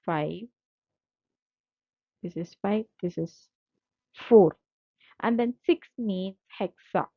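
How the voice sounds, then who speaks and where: Woman teacher, slow and patient, dry lo-fi recording. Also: medium pitch, gravelly, dry recording. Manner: repetitive, patient explaining with frequent fillers. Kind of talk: explaining slides in a lecture. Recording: dull lo-fi dry audio.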